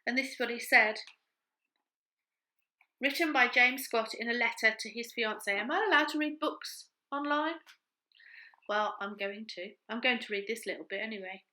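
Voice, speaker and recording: A woman's voice: a little high, moderate pace, pauses often, pushed and bright, low-quality recording. A woman in a casual crafting chat, thinking aloud as she works. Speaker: craft vlogger.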